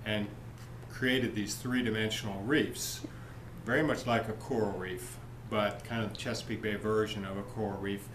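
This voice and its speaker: Low-voiced male expert interviewed, thoughtful and halting, in an echoey noisy room. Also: fairly even intonation. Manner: thoughtful, hesitant with fillers. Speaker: oyster expert. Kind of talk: interview answer.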